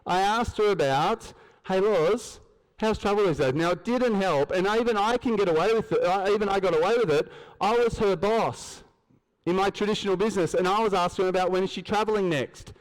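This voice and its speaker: A man's voice: high-pitched, a little fast. An Australian man giving a motivational stage talk at a business event, telling stories, acting out dialogue and asking the crowd questions. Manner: storytelling, acts out dialogue, asks the crowd questions. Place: large event hall, on stage. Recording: long hall reverb.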